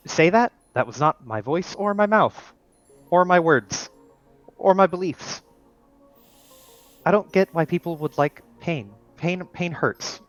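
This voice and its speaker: A man's voice: a little high, fairly bright tone, pitched above the performer's own voice, poor audio. Guy doing flustered dude protesting hard, voice going up, faint music behind. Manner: rambling, protesting, voice climbing. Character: flustered defensive man, confused and embarrassed.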